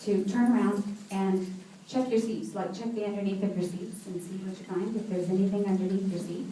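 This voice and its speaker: A woman with a medium-pitched, dark voice and fairly even intonation speaks a little fast amid slight background noise. As a motivational speaker addressing a seated audience in an event hall, she shares personal stories and laughs often, sounding far away in the echoing room.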